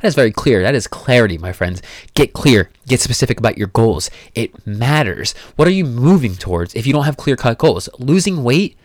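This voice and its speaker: A man's voice: medium pitch, big pitch swings, a little fast, no echo, studio quality. A young man talking as a fitness coach in a casual monologue, blunt, emphatic and full of profanity.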